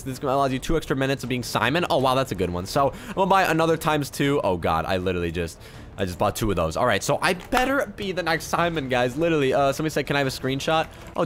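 A young man giving excited gameplay commentary, quick to yell and laugh, with loudness that swings fast. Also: a little high. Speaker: gaming YouTuber.

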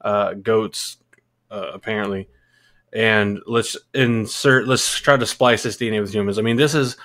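Brief: deeper-voiced man hosting a chatty podcast, explains things loosely, swears casually. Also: fairly even intonation, normal speed, a bit bright. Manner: rambling, casually profane, explanatory. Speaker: podcast co-host. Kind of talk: casual chat.

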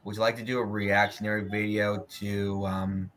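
A man's voice: on the low side, flat delivery, moderate pace, a bit bright. A man chatting casually on a gaming stream, hesitating with frequent fillers. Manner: hesitant, lots of "um" and "uh".

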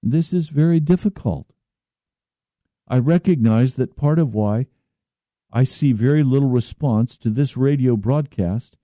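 A man preaching a slow, earnest radio sermon as pastor, at times pleading in prayer. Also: medium pitch, mellow, no echo.

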